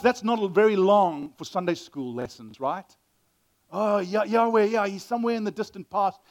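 A man preaching a sermon, telling a story, then teaching from scripture, swinging from loud exclamations to hushed, tender asides. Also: high-pitched. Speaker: pastor.

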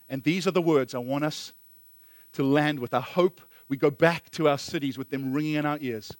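A man's voice: fairly high pitch, normal speed, dry recording. A man preaching a sermon as a pastor, earnest, often repeating phrases for emphasis.

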